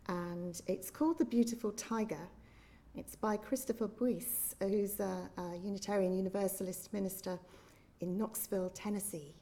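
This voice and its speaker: A woman minister tells a story to her congregation. Her tone is warm and mellow, her pitch sits in the middle and the telling is gentle and expressive. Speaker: minister leading a service. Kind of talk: storytelling in a church service.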